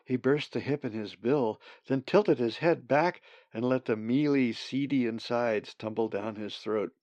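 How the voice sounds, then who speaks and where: A man narrating a storybook in a measured, deliberate reading. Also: medium pitch, a little mellow, dry recording. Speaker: audiobook narrator. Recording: dull, slightly muffled sound.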